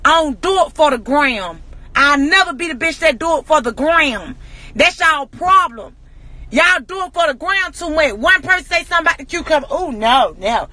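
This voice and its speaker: A woman in an angry, profane rant to camera, hammering rhetorical questions and often shouting. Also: high-pitched, lively intonation, normal speed, no room sound. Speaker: social media personality.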